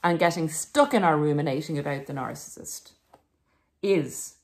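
A woman's voice: sits low, normal speed, a little mellow. A woman hosting a self-help podcast, speaking emphatically and encouragingly to her listeners, calling them guys. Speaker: podcast host. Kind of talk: self-help monologue to viewers.

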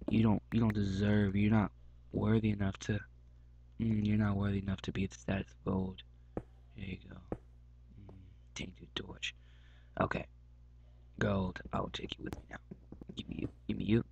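A man's voice: on the low side, creaky, a little hiss or hum. A young man casually commenting while he plays a game, rambling, muttering and talking to things on screen. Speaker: gaming channel host.

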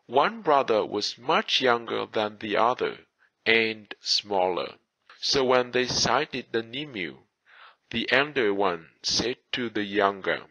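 A man reading folk tales aloud as an audiobook narrator, in slow, measured storybook narration. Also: mid-range voice, pushed and bright, dry recording. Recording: dull lo-fi audiobook recording.

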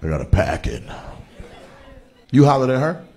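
A male stand-up comedian works the crowd with profanity, roasting audience members and teasing them brashly. His mid-range voice has a dark tone and a sing-song lilt at a moderate pace. Live laughter and cheering fill the comedy venue.

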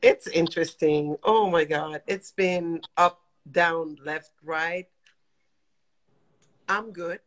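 A woman in her fifties calling in from her apartment over a phone video call, talking in animated, exasperated bursts. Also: on the low side, takes it slowly, long pauses, rough recording. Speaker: guest caller. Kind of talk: emotional live-stream chat. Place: home apartment.

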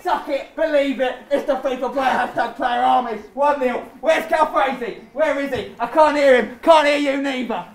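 A young man commentating on his own football video game match, boastful and excitable, taunting his opponent and shouting at the big moments. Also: extremely high pitch, normal speed, vocal fry, hardly any pauses. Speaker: gaming YouTuber. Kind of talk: live gameplay commentary with trash talk.

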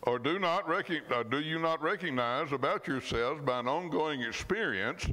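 A man, a pastor, preaching a sermon in church. He reads scripture slowly and with emphasis, and at times his voice drops suddenly soft. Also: fairly high pitch.

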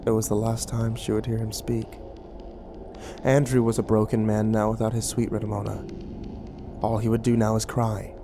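A man's voice: on the low side, little pitch movement, normal speed, pauses often, noisy background. A man narrating a horror story in a dramatic scripted reading.

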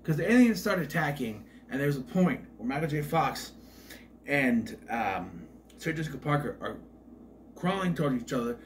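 A man's voice: mid-range voice, big pitch swings, moderate pace, slight background noise. A man casually rambling through a movie rundown, hesitant and wry with frequent asides. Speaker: movie reviewer.

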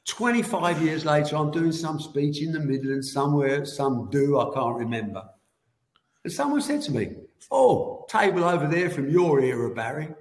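A man in his seventies, a guest telling animated anecdotes and laughing through them. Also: a little high, moderate pace. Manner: animated, laughs as he tells the story. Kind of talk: anecdotal storytelling. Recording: roomy echoey room.

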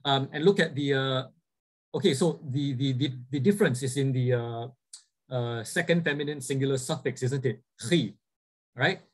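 A man's voice: medium pitch, moderate pace, rough recording. A man lecturing a class, explaining points and often checking in with "right?" as he goes. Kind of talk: classroom lecture with student questions.

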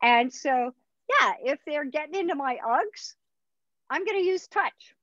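A woman's voice: high voice, lively intonation, a little slow, a bit bright, no echo, highs cut off. A woman dog trainer teaching a puppy class in a chatty, upbeat way. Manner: chatty, upbeat instructor who acts out dog voices.

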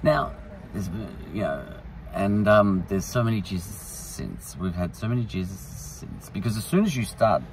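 A man's voice: lowish voice, sing-song, normal speed, distant mic, a little hiss or hum, low-quality recording. A man hosting a podcast, rambling through a casual, irreverent monologue. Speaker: podcast host.

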